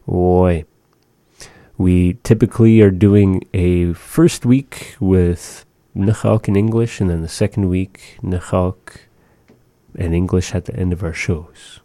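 Slow, deep-voiced man teaching phrases. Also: fairly even intonation, mellow, no room sound. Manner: slow, patient, repeats phrases for learners. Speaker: language teacher. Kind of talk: radio language lesson.

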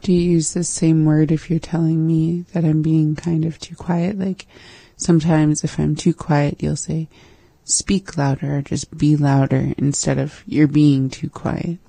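Learner, slow and husky, mellow tone, echoes each word back. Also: medium pitch, little pitch movement. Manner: repeats words back, asks questions. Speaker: language learner. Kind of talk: casual language lesson.

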